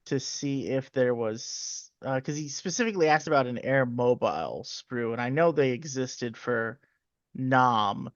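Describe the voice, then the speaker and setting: Dry-humored podcast co-host, dull sound. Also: male voice, mid-range voice, lively intonation, unhurried, dry recording. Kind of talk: casual chat.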